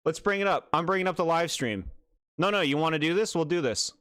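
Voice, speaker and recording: A man's voice: on the high side, fairly bright tone, clean tone, no echo, studio quality. A man streaming a game, chatting casually, exasperated and sarcastic, laughing often. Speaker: gaming streamer. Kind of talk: casual live commentary.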